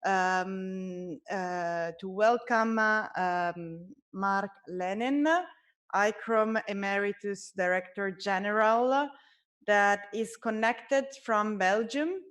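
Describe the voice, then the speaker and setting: A woman's voice: medium pitch, slow, fairly bright tone. Hesitant woman chairing a conference. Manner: hesitant, many fillers. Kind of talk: moderating a conference.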